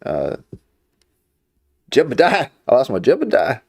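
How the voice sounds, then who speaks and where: A man's voice: medium pitch, huge pitch swings, measured pace, gravelly, husky. A man streaming, chatting casually in a rambling, jokey way. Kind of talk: casual chat.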